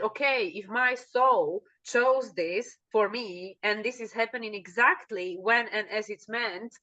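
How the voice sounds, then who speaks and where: Bright animated woman chatting. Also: muffled recording. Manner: animated, acts out quoted thoughts in a higher voice. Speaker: co-host. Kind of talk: casual spiritual chat.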